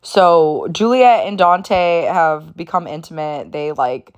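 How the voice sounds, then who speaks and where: A young woman recaps a TV season in a casual, chatty way, her voice sitting a little low. She fills her sentences with "like" and drops wry little asides. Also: slow, smooth. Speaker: TV series reviewer.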